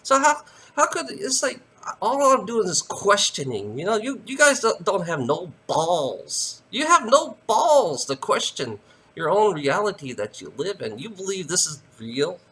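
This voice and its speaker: A man's voice: high voice, big pitch swings, unhurried, pushed and bright. A man delivering a heated, profane ranting monologue to camera, repeating himself and tagging lines with "you know".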